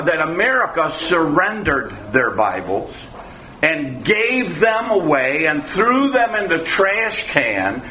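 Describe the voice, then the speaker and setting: A man's voice: high-pitched, fairly bright tone. A man preaching a sermon as pastor, folksy and digressive, full of asides, who keeps repeating "again" and "uh". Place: church sanctuary. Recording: echoey church hall, faint room noise.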